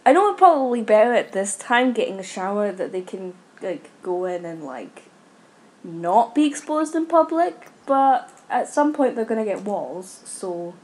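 A woman's voice: medium pitch, very animated, moderate pace, darkish tone. A young woman commenting on a life-sim game, scolding her characters in exasperation. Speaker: gaming YouTuber. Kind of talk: casual Let's Play commentary.

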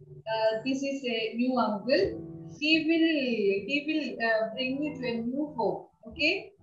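A woman's voice: high-pitched, soft background music. Woman playing a poor, pleading father. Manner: pleading, soft and halting. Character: poor, loving father giving away his daughter. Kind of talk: amateur classroom skit. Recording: distant, roomy, dull sound.

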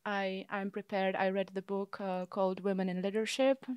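A woman speaking as a podcast guest in a measured, thoughtful way with occasional fillers. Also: medium pitch, level tone, lo-fi sound, heavy background noise. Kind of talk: casual conversation.

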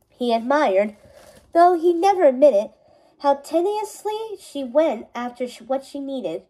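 Woman narrator, high mellow voice, steady reading of a novel. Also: poor audio. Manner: steady storytelling with small self-corrections. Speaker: reader.

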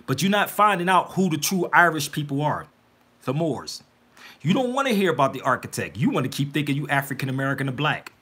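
This livestream host speaks at a brisk clip in a voice on the high side with a breathy edge. Animated and preachy, he keeps calling out to his viewers, whom he calls "y'all," in an offhand but pushy manner.

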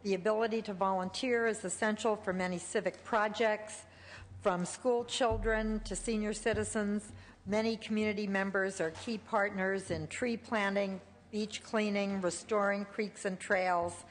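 A woman senator presenting a bill on the floor in a prepared, steady speech read from notes. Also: medium pitch, a little slow. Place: large legislative chamber. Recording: chamber broadcast with long reverb.

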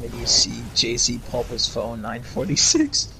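Teasing young gamer guy, lively voice. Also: mid-range voice, gravelly, a little hiss or hum, poor audio. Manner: joking, teasing, quick callouts. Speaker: gamer in voice chat. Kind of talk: casual gaming banter.

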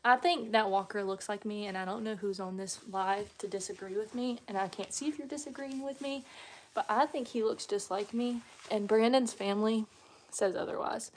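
A young mom vlogger live streams from indoors at her family home, chatting casually to her phone in a folksy way and laughing easily. Her voice is medium in pitch at a moderate pace.

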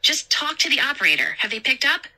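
A woman's voice: high-pitched, sing-song, quick pace, pushed and bright, pitched above the performer's own voice, exaggerated voice. A woman reading a story aloud and voicing a frightened but brave young mall worker in a raised, urgent voice. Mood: determined. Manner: urgent, breathless, alarmed.

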